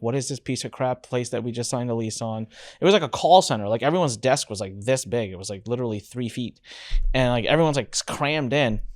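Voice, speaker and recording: A man hosting a podcast, telling a personal story in an animated way and acting out the voices of the people in it. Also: mid-range voice. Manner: animated storyteller who acts out quoted dialogue. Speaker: podcast host.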